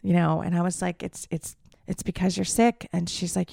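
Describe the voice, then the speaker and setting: Talking a little fast, a young adult woman podcast host with a low, dark voice and vocal fry candidly recounts a personal story, swearing freely and putting on the voices of the people involved. The recording is dry and studio quality.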